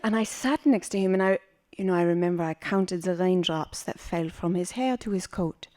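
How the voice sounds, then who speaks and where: A woman from West Berlin performing a personal story live, in an animated, vivid and playful way. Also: fairly low pitch, normal speed. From West Berlin, Germany.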